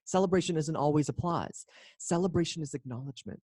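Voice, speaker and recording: A man's voice: a little high, fast talker, darkish tone, no room sound, studio quality. A man, a coach and guest, talking in a casual interview with emphatic, punchy storytelling.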